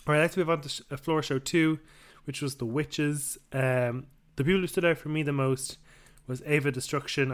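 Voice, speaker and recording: A man co-hosting a casual podcast, relaxed and enthusiastic as he leads the review segments. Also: mid-range voice, clean tone. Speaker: podcast co-host. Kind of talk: casual chat.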